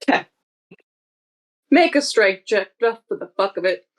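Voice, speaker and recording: Slow-paced woman game master. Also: medium pitch, very animated, rough recording. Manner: vivid, unhurried storytelling. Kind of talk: narrating a tabletop game.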